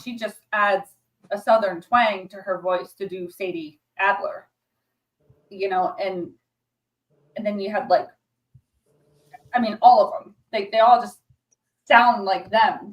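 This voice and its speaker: A woman's voice: mid-range voice, recorded from a distance, low-quality recording. Gushing woman, a bit off-mic. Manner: gushing, animated storyteller. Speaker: co-host. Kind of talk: casual chat.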